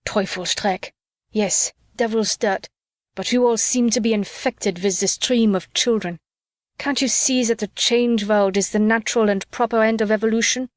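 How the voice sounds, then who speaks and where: A woman's voice: medium pitch, steady tone, moderate pace, no echo, clean studio sound, lightly acted. A woman voicing a bitter, ranting drunk male soldier with a scornful, sneering delivery in an audiobook. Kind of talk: audiobook character reading.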